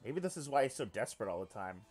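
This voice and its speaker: Animated, foul-mouthed male streamer. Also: mid-range voice, quick pace, slightly rough, faint music behind. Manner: animated, swears often, laughs loudly. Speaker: let's play streamer. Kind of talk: reading a visual novel aloud on stream with commentary.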